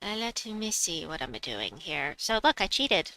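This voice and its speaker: A woman's voice: on the low side, big pitch swings, a little slow, bright, forceful tone, dry recording, poor audio. A woman streaming a game, chatting casually, reading viewers' messages aloud and laughing often. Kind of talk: casual live-stream chat.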